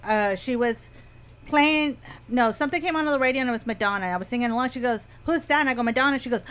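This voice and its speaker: Lively high-voiced woman co-host. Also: fast talker, clean tone. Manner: lively, animated storyteller. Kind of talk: casual talk show chat.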